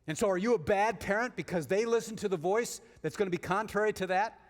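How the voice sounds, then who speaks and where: This sermon comes from a guest preacher, a man with a high-pitched voice and a quick pace. His delivery swings from emphatic rises to quiet storytelling, all carried by the long reverb of a large sanctuary.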